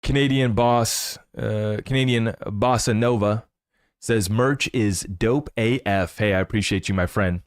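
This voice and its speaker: A man hosting a crypto channel, chatting casually and excitedly with rambling asides and laughs. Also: lowish voice, a little slow, no echo, studio quality. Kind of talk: casual livestream commentary.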